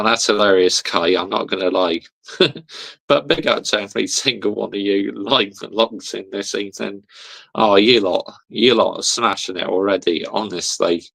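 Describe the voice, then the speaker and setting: Gravelly, bright-voiced lad streaming. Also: male voice, lowish voice. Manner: laughs often, reads viewer comments aloud and replies with slang. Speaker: football livestream host reading chat. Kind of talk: casual livestream chat.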